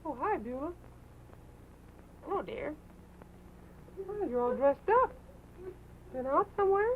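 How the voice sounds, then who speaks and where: A woman hosting a live television show, talking gently and coaxingly with a puppet, on a muffled 1950s broadcast recording. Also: sits high, animated, measured pace, slight background noise. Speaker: host.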